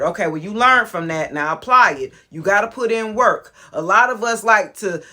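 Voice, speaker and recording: A woman in her forties giving a casual motivational talk to her viewers, frank and animated, with slang and cursing and frequent laughter. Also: mid-range voice. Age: 40s. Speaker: motivational vlogger.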